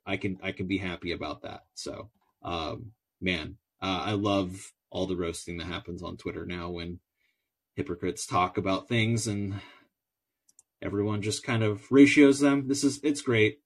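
Rambling American man, low voice. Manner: rambling, many fillers and restarts. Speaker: podcast host. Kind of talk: solo podcast monologue, reading a letter aloud.

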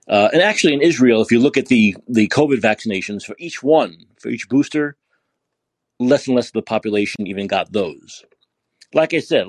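A man's voice: lowish voice, a little mellow, no room sound. A man hosting a podcast, delivering a profane, sarcastic political rant. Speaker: podcast host. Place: San Francisco.

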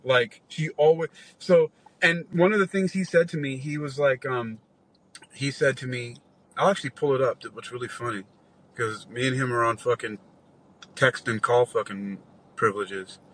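Bright-voiced man telling a rambling story. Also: medium pitch, normal speed, poor audio. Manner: rambling, profane, animated retelling with quoted dialogue. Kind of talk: casual storytelling.

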